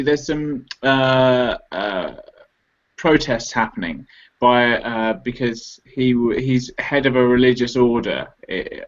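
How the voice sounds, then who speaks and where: A man's voice: medium pitch, muffled recording. A man co-hosting a casual political chat podcast, giving opinions with wry asides. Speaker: podcast co-host.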